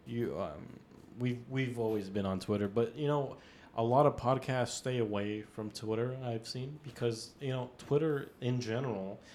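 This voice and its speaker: A man's voice: mid-range voice, moderate pace, a little mellow, slight background noise. A man co-hosting a podcast in casual chat, rambling and teasing, laughing often. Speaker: podcast co-host.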